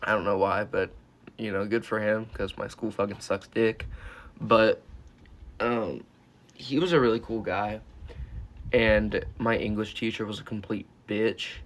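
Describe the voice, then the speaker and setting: A man's voice: fairly low pitch, fairly even intonation, unhurried. A teenage boy telling a storytime vlog as a YouTuber, rambling and swearing, with lots of "like" and "uh.". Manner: rambling, profane, full of "like" and "uh".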